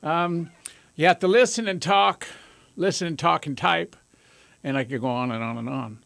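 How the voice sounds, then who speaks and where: A man hosting a radio talk show in a studio, talking with high energy and joking at his own expense. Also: normal speed, gravelly, a bit bright, no echo. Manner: high-energy, jokey, self-amused. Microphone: studio microphone.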